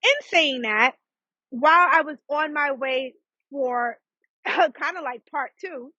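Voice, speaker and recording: A woman, hosting her own podcast and telling a story in a fast, chatty way, with laughs and asides to her listeners. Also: high-pitched, bright, forceful tone, no room sound, dull audio. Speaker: podcast host and psychic. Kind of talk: casual storytelling monologue.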